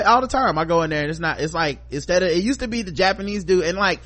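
A middle-aged man co-hosting a podcast, chatting casually and reading listener feedback, acting out stories with loud profane quotes. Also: high voice, fast talker. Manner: animated storyteller, profane, acts out quotes loudly. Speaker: podcast co-host.

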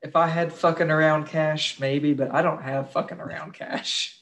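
A man's voice: a little high, flat delivery, moderate pace, creaky, fairly bright tone. A young man co-hosting a casual podcast, crude and joking, swearing freely. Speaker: podcast co-host.

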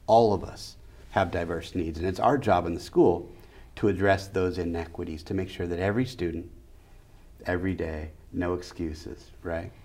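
A middle-aged man with a very low, deep voice, talking as an educator in an interview. He hammers his points home, stacking short phrases into rhythmic lists. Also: steady tone, normal speed, darkish tone. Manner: emphatic, repeats key phrases in rhythmic lists. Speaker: educator and school leader. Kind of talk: interview conversation.

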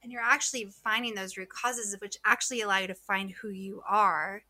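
A woman's voice: mid-range voice, fairly even intonation, brisk, pushed and bright, dry recording. A young woman hosting a casual podcast interview, chatty and full of "like" as she builds long questions. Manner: chatty, many "like" fillers, asks long questions. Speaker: podcast host.

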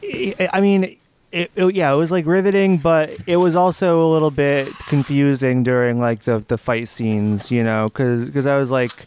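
A man on a casual book podcast talking in a halting, stammering way, sitting further from the microphone. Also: medium pitch, steady tone, darkish tone, smooth. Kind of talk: casual chat.

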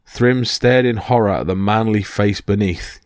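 Low-voiced man narrating a myth. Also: a little slow, no room sound, clean studio sound. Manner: steady reading with small slips. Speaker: podcast host and narrator. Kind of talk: scripted storytelling narration.

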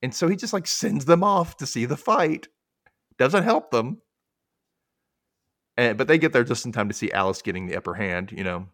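A man's voice: mid-range voice, animated, normal speed, long pauses, a bit bright, no echo, studio quality. A young man hosting a podcast, casually recapping a TV episode and acting out characters' lines in exaggerated voices. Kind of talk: casual chat.

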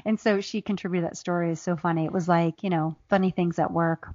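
Animated woman telling funny stories. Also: on the low side, fairly quick, no room sound. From Ohio. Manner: animated, laughing anecdotes with acted quotes. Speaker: guest author and comedian. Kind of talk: casual interview storytelling. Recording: dull, dry lo-fi sound.

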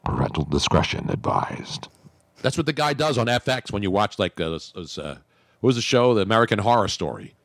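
A man's voice: fairly low pitch, animated, fast talker, a bit bright, no echo. A man hosting a sports talk radio show, joking brashly and crudely in casual banter.

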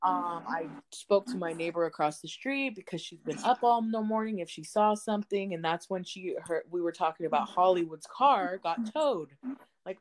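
Animated woman telling a story. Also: lowish voice, normal speed, slight background noise, rough recording. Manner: animated, profane, acts out quotes. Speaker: podcast co-host. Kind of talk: casual storytelling chat. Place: home, indoors.

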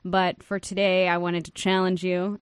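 A woman's voice: lowish voice, little pitch movement, moderate pace, clean tone, no room sound. Podcast host, young woman, playful and giggly, dry close sound. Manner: laughs often, playful teasing. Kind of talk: casual chat.

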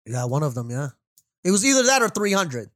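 An excitable young man teases his co-host during a casual chat about movies. His voice is high and lively, jumping all over his pitch range. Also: brisk, no room sound. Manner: excitable, teasing, says bro and dude. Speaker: podcast co-host.

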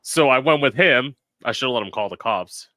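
A man's voice: mid-range voice, expressive, fairly quick, sharp tone, no echo. A young man as an interview guest, telling a personal story in a candid, dramatic and profane way.

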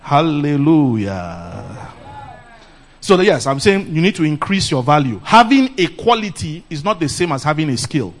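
A middle-aged man from Nigeria with a Nigerian accent, preaching a lively sermon and laughing often. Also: on the high side, a little slow. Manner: animated, laughs often, calls "Praise the Lord". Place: church camp meeting.

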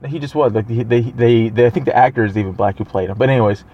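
A man co-hosting a podcast, telling stories in an animated way and laughing often. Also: medium pitch, quick pace. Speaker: podcast co-host. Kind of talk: casual podcast chat. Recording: slightly dull lo-fi sound.

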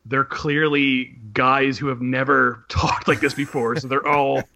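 This podcast co-host, a film writer, talks in an unhurried mid-range voice that's pushed and bright, with little pitch movement. His casual chat is hesitant and full of ums and restarts. Slight background noise can be heard.

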